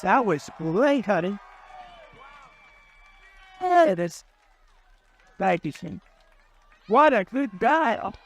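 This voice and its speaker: A man's voice: high voice, very animated, very slow, pauses often, some chatter behind, a little hiss or hum. Older man giving a rambling rally speech. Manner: rambling, repetitive, boastful asides. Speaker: political candidate. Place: political rally stage.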